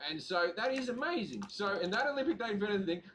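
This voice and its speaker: A high-pitched man cracks jokes in loose, rambling podcast banter. He often restarts mid-phrase, and a faint noise sits under his voice. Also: expressive, fast, a bit bright. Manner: joking, riffing, stammering restarts. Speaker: podcast co-host. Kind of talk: casual comic chat.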